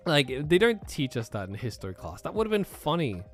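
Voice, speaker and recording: A man's voice: on the high side, sing-song, brisk, soft background music. A man with an American accent, raised in Australia, chatting casually on a live stream, reading out chat questions and laughing often. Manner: laughs often, easygoing, trails off with fillers.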